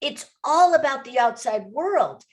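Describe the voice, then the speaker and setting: A woman guest on a podcast, telling personal stories in an emphatic, animated way, often repeating phrases for stress. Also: high voice, a little slow. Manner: emphatic, animated storytelling with repetition. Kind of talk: interview.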